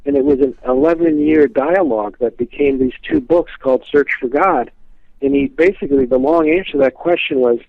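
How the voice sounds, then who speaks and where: A man's voice: mid-range voice, fairly quick, dry recording. A man telling stories as a guest in an interview, rambling with many fillers and restarts. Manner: rambling, full of "you know" and restarts. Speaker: guest expert on a historical psychic. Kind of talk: casual storytelling interview answers. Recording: tinny phone line, dry.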